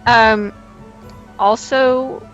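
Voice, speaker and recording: A woman's voice: a little high, steady tone, drawn-out words, fairly bright tone, lo-fi sound, soft background music. A woman co-hosting a stream, explaining things helpfully. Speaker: stream co-host. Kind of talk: casual live-stream chat.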